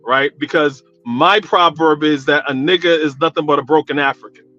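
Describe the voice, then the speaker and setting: A man's voice: a little high, moderate pace, bright, forceful tone, soft background music. New man calling in on a dull line. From New York, Guyanese descent. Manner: casual, talks at length with many fillers. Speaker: caller. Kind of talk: call-in radio chat.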